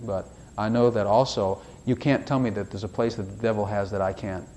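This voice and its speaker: A man preaching in a conversational, folksy way, rambling and asking his listeners rhetorical questions, with loud bursts and soft asides. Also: fairly low pitch, steady tone, fairly quick, slight background noise. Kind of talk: conversational sermon.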